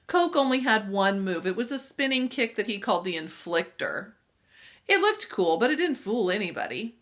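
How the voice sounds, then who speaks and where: A woman reads a children's adventure novel aloud in a lively storytelling voice. She sometimes steps out of the text to add asides for her listeners. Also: medium pitch, moderate pace. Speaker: reader.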